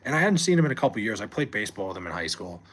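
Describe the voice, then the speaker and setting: This live streamer's voice is lowish and sing-song, coming out rapid-fire with a bit of brightness and slight background noise. He's at home late at night on a desk mic, talking loosely and profanely with chat, rambling and reading messages out.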